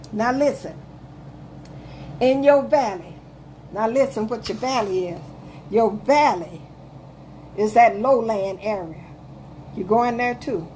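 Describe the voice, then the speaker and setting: A woman pastor preaches a radio sermon in a high voice. She reads scripture in old-fashioned wording and drives her points home with repetition and fervor. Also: slight background noise. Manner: fervent preaching, reads scripture in King James wording, repeats phrases.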